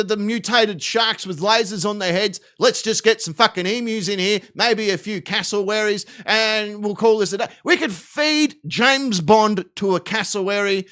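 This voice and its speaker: A man's voice: high-pitched, a bit bright. An Australian man hosting a live stream, chatting casually and cursing a lot as he rambles through jokes. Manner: profane, rambling, jokey.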